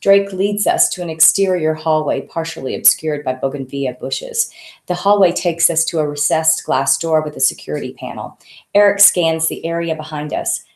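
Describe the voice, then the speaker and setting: A woman author reading her own novel aloud in a conversational, unhurried way. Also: sits low, darkish tone. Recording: echoey room.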